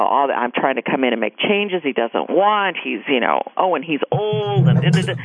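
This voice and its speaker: A middle-aged woman, a guest author and caregiver, telling her story in a radio interview with emphatic, animated delivery and acted-out quotes. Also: lowish voice, dry recording. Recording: dry tinny phone line.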